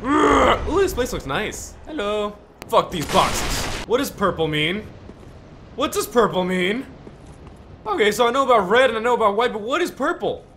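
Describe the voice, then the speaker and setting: A man doing let's play commentary on a video game, loud and profane, with screaming reactions and mock-heroic asides. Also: high-pitched, sing-song, normal speed, a little hiss or hum. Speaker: gaming YouTuber.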